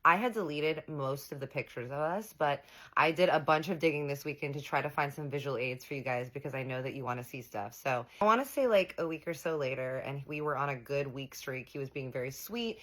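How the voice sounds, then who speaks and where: A woman's voice: rumbling low, fairly bright tone. A young woman telling a personal story in a casual storytime monologue, animatedly acting out quoted dialogue with slang and swearing. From United States.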